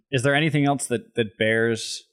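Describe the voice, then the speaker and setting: Measured, dry-humored male podcast co-host. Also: mid-range voice, fairly even intonation, fairly bright tone. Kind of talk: casual chat.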